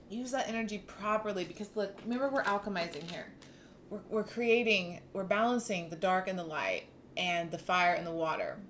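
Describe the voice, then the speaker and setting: Animated woman giving a tarot reading. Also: medium pitch, a little hiss or hum. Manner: animated and emphatic, with repeated words and casual swearing; laughs and sighs between thoughts. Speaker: tarot reader. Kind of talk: casual tarot reading to camera.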